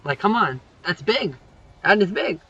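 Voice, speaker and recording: Young guy recapping wrestling, bright pushy voice kinda high, dull dry lofi mic, swears a lot. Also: sing-song, measured pace, breathy edge, dry recording. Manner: rambling, swears freely, many fillers. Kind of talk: casual recap over gameplay.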